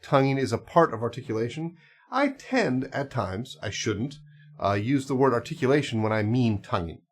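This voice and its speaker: A man's voice: mid-range voice, sing-song, moderate pace, slightly rough. A man teaching clarinet, talking casually and explaining step by step with small asides and fillers. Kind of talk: casual instructional talk.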